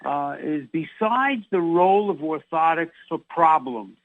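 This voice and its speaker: A man's voice: on the high side, lively intonation, a little slow. A male sports doctor with a New York accent hosting a casual radio interview, rambling and restarting his phrases. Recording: phone-like narrow band.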